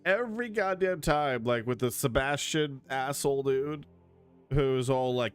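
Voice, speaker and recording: A male game streamer in casual commentary, sarcastic and quick to swear. His pitch swings widely as he gets worked up. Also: clean tone, faint music behind. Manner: animated, sarcastic, swears a lot.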